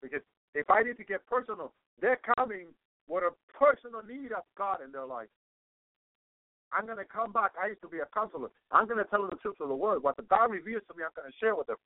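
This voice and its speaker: A man with a high voice delivers a fervent radio sermon, circling back over his phrases and sprinkling in constant praises to the Lord. The sound is thin and phone-like, dry with no room around it. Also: animated, fast, no echo. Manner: repeats and restarts phrases for emphasis. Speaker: radio preacher. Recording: narrow phone-like radio line.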